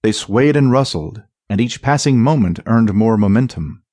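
Husky, expressive male audiobook narrator. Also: on the low side, normal speed, no room sound, studio quality. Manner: dramatic, expressive reading. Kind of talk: scripted fantasy narration.

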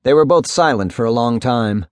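A man narrating a literary novel in a measured, even storytelling voice. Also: mid-range voice, dry recording, studio quality. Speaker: audiobook narrator.

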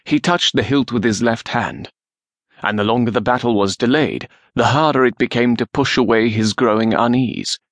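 A man narrating a historical novel in a measured, steady reading. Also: mid-range voice, no echo, studio quality. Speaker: audiobook narrator.

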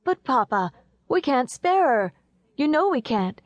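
A woman voicing an excitable young boy who protests vehemently in an audiobook story. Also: high-pitched, a little slow, no echo, highs cut off, pitched above the performer's own voice, full character voice. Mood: indignant. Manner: vehement pleading outbursts.

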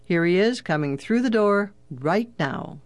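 A man's voice: sits high, expressive, unhurried, dry recording, voice pushed up. Narrator doing a chatty easygoing lodge owner guy, storybook reading, dry close sound. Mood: friendly. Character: friendly talkative lodge owner man.

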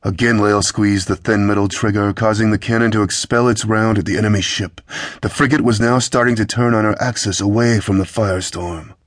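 A man narrating a fantasy adventure audiobook in a measured, steady storytelling manner into a studio microphone. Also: lowish voice, no echo.

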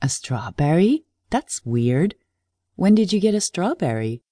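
A woman narrator voicing a young woman on a subway platform in an audiobook, lifting her voice higher for the part. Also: very animated, measured pace, dark tone, no echo, studio quality. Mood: puzzled.

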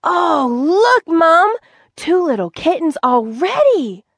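A woman's voice: very high voice, very animated, takes it slowly, dry recording, clean studio sound, voice pushed up, full character voice. A woman voicing an eager four-year-old girl in an audiobook for children. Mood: excited.

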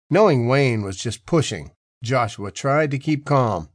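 Narrator, male, mid pitch, dry studio read, even and clear. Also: unhurried, no echo. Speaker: audiobook narrator. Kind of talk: scripted narration.

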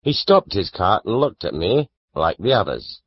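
A man narrating a classic novel as an audiobook, measured and expressive. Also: fairly low pitch, no echo, lo-fi sound.

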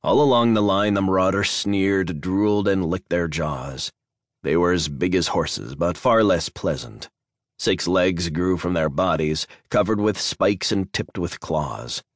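A man reading a science fiction audiobook in measured, dramatic scripted narration on a close studio mic. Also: low-pitched, no room sound.

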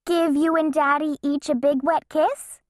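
A woman's voice: sits high, steady tone, a little slow, dry recording, studio quality, voice pushed up. A woman voicing a spunky, mischievous little girl in a bouncy, cheeky way. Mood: sheepish.

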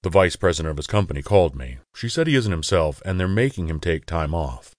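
A man's voice: low voice, animated, fast, no room sound, clean studio sound. A man voicing a brash young man who teases his friend with crude jokes. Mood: serious. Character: crude joking young man, the hero's buddy.

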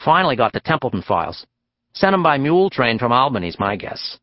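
A man's voice: mid-range voice, very animated, fairly quick, dry recording, muffled recording, close to an everyday voice. A man voicing a feisty, wisecracking small woman secretary in an audiobook. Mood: breezy. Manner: brash, wisecracking.

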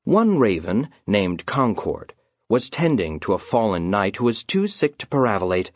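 A man narrating a children's fantasy audiobook with dramatic storytelling and slowdowns. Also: on the low side, sing-song, no echo, studio quality.

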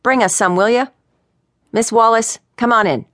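A woman voicing a gruff, irritable male private investigator in his sixties with a New Orleans accent. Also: on the high side, moderate pace, fairly bright tone, no echo, clean studio sound, voice pushed up, close to an everyday voice.

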